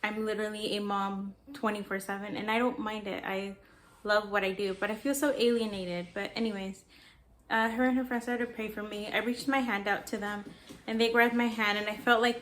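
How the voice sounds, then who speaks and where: A woman's voice: medium pitch, level tone, normal speed, a bit bright, a little hiss or hum. A young woman artist chatting casually to camera in a rambling way, telling a personal story and drifting off topic. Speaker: artist vlogger.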